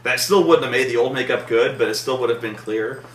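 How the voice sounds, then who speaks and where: A man's voice: mid-range voice, brisk, roomy sound, far from the mic, a little hiss or hum. A man reviewing a film in casual chat, rambling with many fillers and repeats and a sarcastic edge. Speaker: movie reviewer, co-host.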